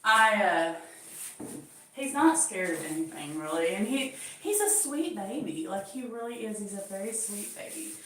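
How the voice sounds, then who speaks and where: A woman's voice: medium pitch, expressive, unhurried, fairly bright tone. A woman hosting her channel, chatting casually and laughing often as she cleans her bathroom and talks to her cat. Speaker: channel host chatting with live viewers. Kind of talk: casual chat while cleaning. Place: home bathroom. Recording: echoey bathroom, voice from far off, faint background noise.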